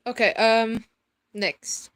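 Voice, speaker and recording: A woman's voice: on the high side, steady tone, very slow, a bit bright. A woman co-hosting a casual livestream, asking questions and teasing.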